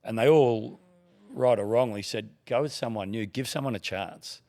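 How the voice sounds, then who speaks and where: A man's voice: mid-range voice, moderate pace, darkish tone. A middle-aged Australian man, a TV broadcaster guesting on a podcast, telling long rambling anecdotes in casual chat. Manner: rambling anecdotes with quoted dialogue. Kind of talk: casual storytelling.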